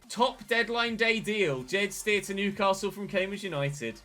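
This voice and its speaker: Bright-voiced man commentating his game. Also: high voice, measured pace, faint music behind. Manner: chatty, bursts into excited shouts at big moments. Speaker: gaming channel host.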